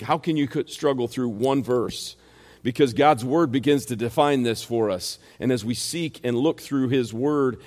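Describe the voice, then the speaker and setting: A man's voice: medium pitch, a little mellow. A man with a rural American accent preaching an expository sermon, emphatic and fond of rhetorical questions. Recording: long hall reverb.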